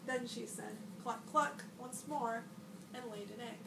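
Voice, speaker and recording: Woman librarian reading a children's storybook aloud, high voice, expressive, a bit off-mic in an echoey room with noise behind. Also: unhurried, recorded from a distance. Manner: expressive storybook reading, bright shouts for the boy's lines. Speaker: school librarian.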